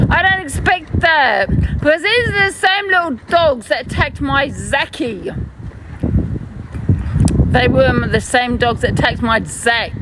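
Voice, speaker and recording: A woman live-streaming outdoors from her phone, talking in a heated, mocking way and swearing freely. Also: high-pitched. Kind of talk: confrontational street live stream. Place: outdoors on a city street. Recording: phone with loud street noise.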